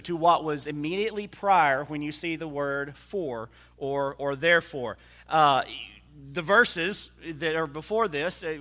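Male pastor, sermon delivery, unhurried teaching pace, bright tone. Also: on the high side. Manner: measured teaching with frequent fillers and restarts; reads scripture quickly, then slows to explain.

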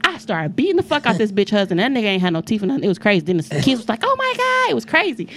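A woman's voice: mid-range voice, big pitch swings, racing, a little hiss or hum. A woman on a casual podcast chat, telling brash, profane stories with lots of animation. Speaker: podcast host.

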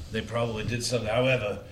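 A man voicing a guarded, proud male adventurer in a tabletop game, speaking measured and a bit louder than his own talk. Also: fairly low pitch, reverberant, a little hiss or hum, close to an everyday voice.

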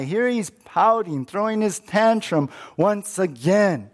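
A man's voice: sits high, lively intonation, slow. A male pastor preaching a sermon in a conversational way, often asking listeners questions and repeating words.

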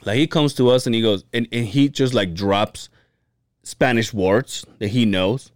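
A man's voice: mid-range voice, lively intonation, takes it slowly, no echo, studio quality. A young man co-hosting a podcast, talking casually, rambling with restarts, cursing and laughing. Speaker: podcast co-host. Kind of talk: casual chat.

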